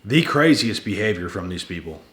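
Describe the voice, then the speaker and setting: A man's voice: low voice, sing-song, moderate pace, fairly bright tone, echoey room. A man hosting his channel, giving relationship advice in a blunt, repetitive casual monologue late at night, sounding tired and talking to viewers as guys and bro. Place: at home indoors.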